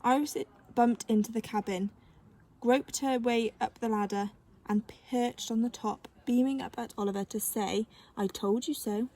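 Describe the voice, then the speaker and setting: A woman reading a children's novel aloud with gentle, expressive storytelling. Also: a little high, normal speed. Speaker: narrator.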